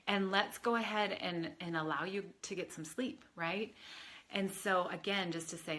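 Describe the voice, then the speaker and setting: A woman's voice: fairly low pitch, steady tone, normal speed, a bit bright. A woman spiritual advisor talking casually on a livestream, chatty and rambling with many fillers, answering viewers. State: tearful at times.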